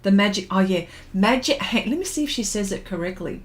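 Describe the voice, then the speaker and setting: A woman's voice: medium pitch, lively intonation, fairly quick, hardly any pauses, slight background noise. A middle-aged woman hosting an art livestream, chatting casually and reminiscing with plenty of fillers while she draws. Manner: rambling, reminiscing, with many fillers and laughs. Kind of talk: casual chat while drawing and reading viewer comments.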